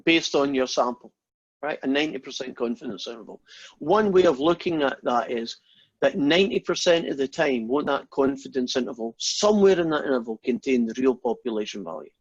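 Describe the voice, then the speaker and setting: A man's voice: medium pitch, expressive, a little fast. Man, lecturer, informal and rambling, video call, muffled sound. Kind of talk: online lecture with jokes and Q&A. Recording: husky voice, dull lo-fi audio.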